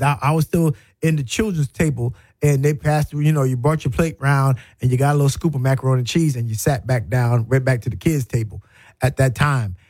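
A middle-aged man hosts a radio talk show from a studio, telling stories in an emphatic, folksy way and repeating his points for effect. His voice sits a bit high for a man. The sound is close and dry. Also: a little mellow, no echo. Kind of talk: storytelling monologue.

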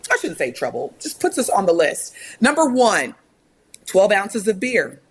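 A woman's voice: mid-range voice, very animated, moderate pace, breathy edge. A woman from Indiana co-hosting a radio talk show, chatting casually and reading a list aloud with lots of laughter. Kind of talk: casual chat.

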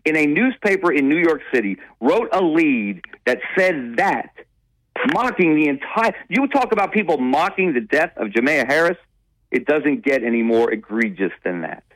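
A man's voice: on the high side, sing-song, normal speed, fairly bright tone, dry recording, poor audio. A middle-aged man, a newspaper columnist, giving earnest, emphatic commentary as a radio guest, often repeating himself to press a point.

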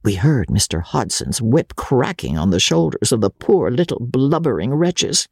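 A reader narrating a first-person story in letters, reading it in a lively, expressive way. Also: medium pitch, moderate pace, vocal fry, husky, no echo, clean studio sound. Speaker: audiobook narrator.

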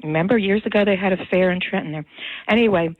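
A woman's voice: mid-range voice, quick pace, dry recording. Chatty older New woman on the phone. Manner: chatty, rambling, laughs while telling. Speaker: caller. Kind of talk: casual phone-in storytelling. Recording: tinny phone line.

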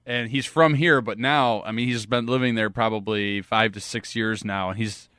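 A man's voice: lowish voice, fairly even intonation, normal speed, sharp tone, clean tone, no room sound, clean studio sound. A man co-hosting a radio show, telling stories casually with a few restarts. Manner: conversational, storytelling with restarts. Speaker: radio co-host. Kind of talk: casual chat.

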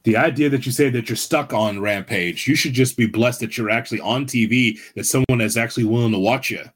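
A man's voice: mid-range voice, fairly quick, a bit bright, husky. A man co-hosting a wrestling podcast in casual chat, giving blunt, opinionated takes. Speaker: podcast co-host.

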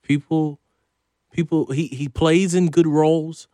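A man's voice: a little high, fairly even intonation, measured pace, dark tone, no room sound, clean studio sound. A man, a sports reporter, chatting as a guest on a talk show in an easygoing, sometimes hesitant way. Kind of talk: casual chat.

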